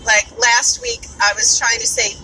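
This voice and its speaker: A woman's voice: a little high, level tone, unhurried, music in the background, low-quality recording. A woman with a New York accent chatting casually while she drives, rambling and swearing freely, speaking as a podcaster. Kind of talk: casual chat while driving. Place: inside a moving car. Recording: car road noise behind. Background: car and road noise.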